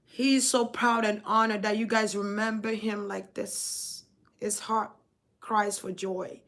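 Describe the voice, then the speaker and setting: A woman doing a channeled spiritual reading, halting and emotional as she searches for words. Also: medium pitch, flat delivery, a bit bright. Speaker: spiritual reader.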